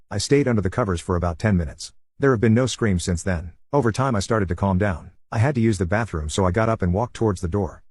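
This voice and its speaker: A man with a husky voice narrating a scripted horror story at a fast, steady clip. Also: fairly low pitch, dry recording.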